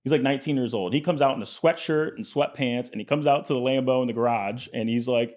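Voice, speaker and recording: Male guest, conversational, animated anecdotes, mid-range voice. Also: medium pitch, quick pace. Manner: animated storyteller, acts out quotes; frequent fillers and restarts. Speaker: podcast guest, entrepreneur. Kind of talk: casual interview chat.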